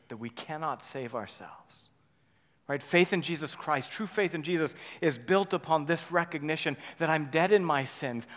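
A man preaching a sermon, swinging between loud urgent passages and quiet, intimate ones, often checking in with "right?". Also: fairly high pitch, big-room sound. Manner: dynamic preaching, rising loud then dropping soft, frequent "right?". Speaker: pastor.

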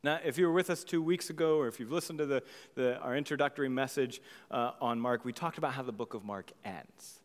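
A man preaching a sermon as pastor, animated, swinging from loud exclamations to hushed near-whispers. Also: mid-range voice, a little fast, in a large hall.

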